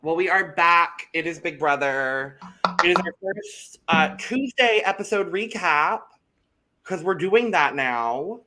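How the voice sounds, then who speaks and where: Bright, animated gossiping man. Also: on the high side, slow pace. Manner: animated, gossipy, swears freely. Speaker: podcast co-host. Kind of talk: casual chat.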